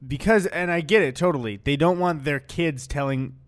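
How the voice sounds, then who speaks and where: A man's voice: on the high side, normal speed. A young man co-hosting a podcast, telling casual, jokey stories and swearing now and then. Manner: laid-back, jokey storytelling with frequent swearing. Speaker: podcast co-host. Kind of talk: casual chat.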